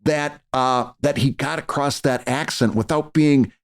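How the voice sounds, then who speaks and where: Man, middle-aged, podcast co-host, gravelly, mid pitch, earnest casual advice. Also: measured pace. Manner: earnest, advice-giving with frequent fillers and restarts.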